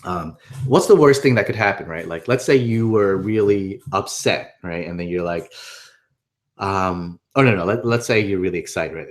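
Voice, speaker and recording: A man's voice: lowish voice, normal speed. A man presenting a webinar in a casual, upbeat way, often checking in with the listener. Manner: upbeat, conversational, keeps checking in with "right?". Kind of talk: casual instructional talk.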